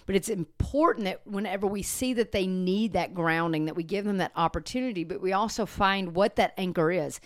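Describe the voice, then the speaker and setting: Earnest woman explaining on a podcast. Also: mid-range voice. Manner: earnest, explanatory, slows and softens to demonstrate calm talk. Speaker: podcast co-host and dog trainer. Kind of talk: casual podcast chat.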